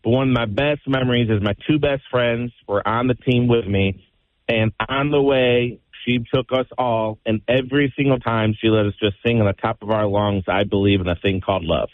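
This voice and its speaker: A man calling in to a radio show, relaxed and chatty, with plenty of filler words. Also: mid-range voice, moderate pace, no echo. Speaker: caller. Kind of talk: phone-in conversation. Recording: tinny phone line.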